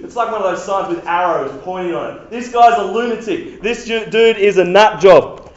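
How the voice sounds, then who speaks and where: Man, youth preacher, animated slangy sermon, high voice, huge echoey hall, dull muffled sound. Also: normal speed. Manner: animated, repetitive, casual slang, acts out quotes. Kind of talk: sermon to young people.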